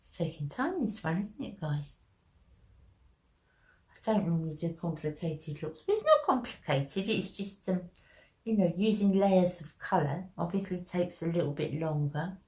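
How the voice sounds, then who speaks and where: A woman's voice: fairly low pitch, very animated, normal speed, darkish tone. A woman talking viewers through a makeup tutorial in a chatty, step-by-step way. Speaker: makeup vlogger.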